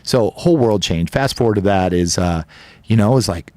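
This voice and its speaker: Low-voiced man telling a candid story. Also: normal speed, a little mellow, no room sound. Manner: candid, rambling storyteller with casual swearing. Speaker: podcast guest, business co-owner. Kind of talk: casual storytelling interview.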